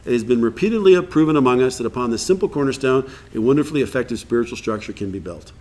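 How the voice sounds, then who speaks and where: A man's voice: mid-range voice, expressive, rapid-fire, a little mellow. Man giving a casual recovery workshop talk. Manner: conversational, reads passages aloud, acts out quotes. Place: live workshop event.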